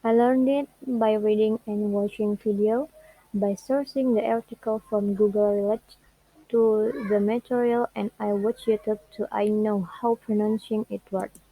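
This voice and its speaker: Presenting to her class what she's learned about stress in English words, a young woman whose native language is Indonesian proceeds slowly and hesitantly, lingering on sample words. Her tone is steady and dark at a medium pitch, and the audio is rough with no echo.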